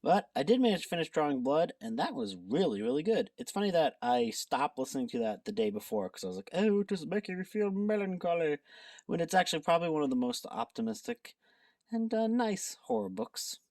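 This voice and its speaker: Low, lively woman vlogging from home. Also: brisk, distant mic. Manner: chatty, self-deprecating, rambling. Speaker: book vlogger. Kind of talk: casual chat.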